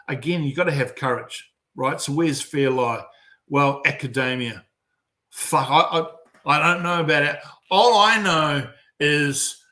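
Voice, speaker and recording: A middle-aged man from New Zealand with a New Zealand accent, a mental performance coach telling stories bluntly with a lot of swearing in a casual podcast chat. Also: on the high side. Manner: blunt, heavy swearing, animated storytelling.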